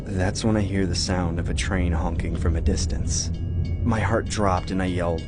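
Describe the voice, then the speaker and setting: A young man tells a scary story in a low, steady voice, earnest and scripted. Soft music plays faintly beneath his narration. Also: normal speed.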